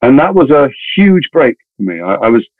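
Fast-talking man on a tinny line. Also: mid-range voice, big pitch swings, no echo. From England. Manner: chatty, many restarts and wry asides. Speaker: guest actor. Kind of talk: anecdotal interview storytelling. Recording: tinny phone-like dry sound.

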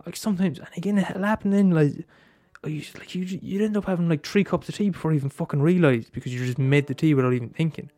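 A man's voice: on the high side, fast, few pauses, mellow, no room sound. A man in a rambling casual monologue, swearing often and restarting his sentences.

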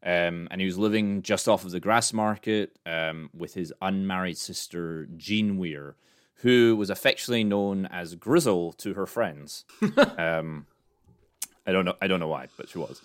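Man, very low voice, smooth tone, casual podcast storytelling, jokey. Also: moderate pace. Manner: jokey, laughs between facts, many ums. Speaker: podcast co-host.

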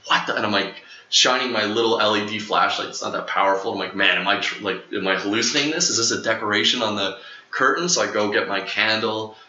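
A young man with a very bright, lowish voice recounts a long experience in casual conversation. He rambles, leans on fillers, and jumps into a higher voice when quoting people. The sound is roomy and a little dull. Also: quick pace. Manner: rambling, animated, acts out quotes in a higher voice. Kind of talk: casual storytelling.

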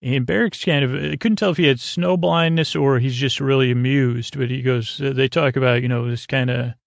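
Male podcast host, casual recapper, gravelly tone, filler-heavy rambling delivery, dry close sound. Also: medium pitch, steady tone, moderate pace, dry recording. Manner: rambling, filler-heavy, paraphrases scenes loosely.

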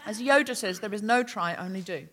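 Woman, live comedy podcast co-host, bright clear voice, very lively pitch, theatrical, laughs mid-sentence. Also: fairly quick, a little hiss or hum. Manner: animated and theatrical, laughing while explaining. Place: on stage at a London concert hall before a live audience.

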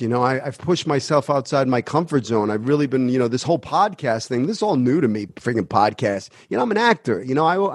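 A man's voice: medium pitch, no echo, clean studio sound. A man hosting a podcast about acting, talking casually and with energy, full of "you know.". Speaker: acting teacher and podcast host. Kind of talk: casual chat.

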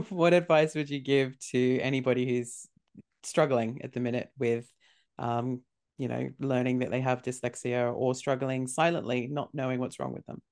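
A man hosts a casual interview at a middling pitch. He asks his questions in a friendly, sympathetic way and reacts warmly to what his guest tells him. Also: steady tone, moderate pace. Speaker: interview host.

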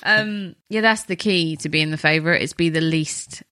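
A woman's voice: low voice, normal speed, sharp tone, dry recording, clean studio sound. A woman in her thirties co-hosting a podcast, chatting casually in a playful, teasing way. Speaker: podcast co-host.

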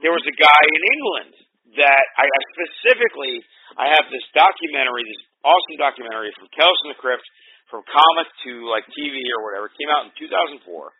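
A man's voice: fairly high pitch, fast, slight background noise. A man hosting a podcast, telling stories in casual chat with lots of swearing. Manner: profane, animated storytelling. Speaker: podcast host. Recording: tinny phone-like dry sound.

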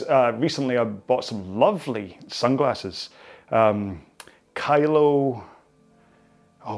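On the floor indoors, a man from Scotland talks his way through a stretch class, rambling and poking fun at himself, laughing a lot and drifting into tangents. He's a fitness instructor with a mid-range, gravelly, slightly mellow voice.

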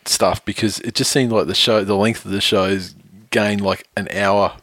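A man's voice: fairly low pitch, steady tone, normal speed, fairly bright tone, no echo. A man co-hosting a podcast, chatting casually about sport, rambling with filler words, laughing often and swearing. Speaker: podcast co-host.

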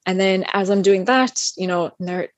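A young woman chatting casually as a guest, recounting a personal story with lively, acted-out quotes and plenty of fillers. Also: mid-range voice, moderate pace, dry recording, muffled recording. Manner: animated, acts out other people's lines; chatty with many fillers and restarts.

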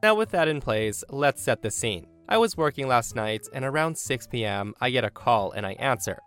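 A man hosting a story channel, narrating online posts in an expressive, animated way. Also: mid-range voice, normal speed, clear, resonant tone, soft background music.

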